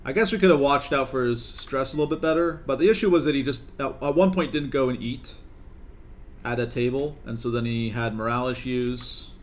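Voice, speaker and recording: A man's voice: mid-range voice, slight background noise. A young man streaming a colony game, talking to his characters in a coaxing, exasperated way. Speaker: gaming streamer. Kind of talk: live gameplay commentary.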